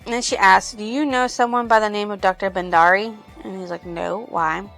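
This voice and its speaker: A woman's voice: mid-range voice, fairly even intonation, fairly quick, creaky, a bit bright, faint music behind. A woman reviewing a book, rambling through the plot in a casual retelling full of "she's like" quotes.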